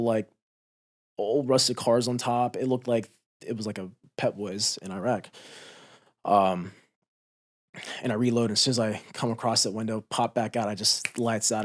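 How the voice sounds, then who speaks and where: A man in his thirties, a former Marine, telling a combat story in a candid, profane, intense way on a podcast. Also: mid-range voice. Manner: intense, profane, re-enacts shouts. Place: podcast studio.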